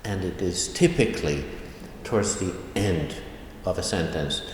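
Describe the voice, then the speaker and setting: A man teaching an online language lesson, explaining slowly and repeating examples. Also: deep voice, slight background noise. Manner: slow, deliberate explaining with repetitions. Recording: echoey room with long reverb.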